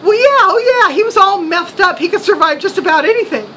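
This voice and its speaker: A woman's voice: very high-pitched, animated, a little fast, pushed and bright, a little hiss or hum, heavily acted, rough recording. A woman voicing her shaken young adult son, who exclaims in a breathless rush and laughs as he recounts things. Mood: excited.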